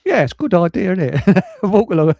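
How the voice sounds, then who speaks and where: A man's voice: sits high, very animated, a little fast, dark tone, dry recording. An older man hosting a livestream, rambling through jokes and reading chat messages aloud with frequent chuckles. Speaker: livestream host. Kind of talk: casual chat telling jokes.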